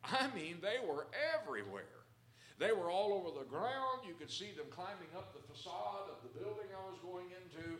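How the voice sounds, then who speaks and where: A male preacher delivers his sermon with a bright, forceful tone, moving from easy storytelling into loud, emphatic appeals. His pitch sits a little high and swings widely. The sound carries a roomy echo. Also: lively intonation, moderate pace, distant mic. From Southern US.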